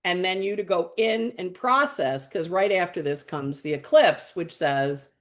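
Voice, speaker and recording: A woman's voice: mid-range voice, a little slow, few pauses. A woman astrologer, a guest on the show, telling a story in loose conversation. She talks bluntly, swears without hesitation and acts out the lines of everyone she quotes. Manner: lively, blunt and chatty, acting out quoted dialogue and swearing freely.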